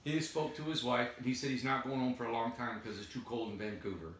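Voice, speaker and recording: A man's voice: medium pitch, fairly even intonation, fast talker, a bit bright, slight background noise. A man hosting a casual live chat, playful and teasing, with theatrical mock complaints. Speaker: tiny home builder and show host. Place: large warehouse. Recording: echoey warehouse, far from mic.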